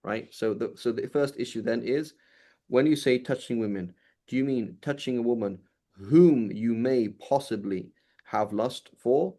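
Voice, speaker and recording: A man with a mid-range, dark-toned voice teaches a classical legal text in a conversational style. He reads passages quickly, then explains them, restarting many times.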